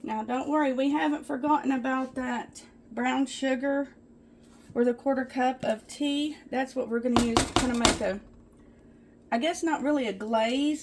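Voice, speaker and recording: Chatty high-voiced woman baking. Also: creaky, heavy background noise. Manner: chatty, easily excited, talks to viewers as "guys". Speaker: home cooking vlogger. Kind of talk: casual cooking demonstration. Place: small home kitchen.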